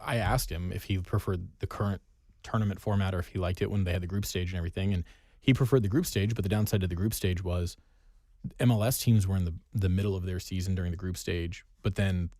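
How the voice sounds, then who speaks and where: A man's voice: low-pitched, fairly even intonation, quick pace, warm tone, no echo. A man co-hosting a casual sports chat, talking in a dry, wry way. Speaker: podcast co-host.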